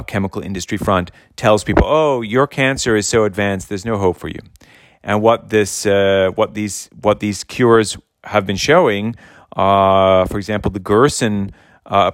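A man giving an unscripted religious talk, halting and full of fillers and restarts. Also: fairly low pitch, dry recording. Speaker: religious speaker.

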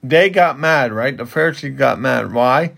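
A slow, unhurried man with a gravelly, creaky voice, teaching scripture in casual conversation. He stops and restarts his sentences often, circling toward what he wants to say. He talks things through at an easy pace. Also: mid-range voice, a bit bright. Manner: halting, repeats himself while building to a point. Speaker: Bible teacher and podcast co-host. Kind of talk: casual Bible teaching chat.

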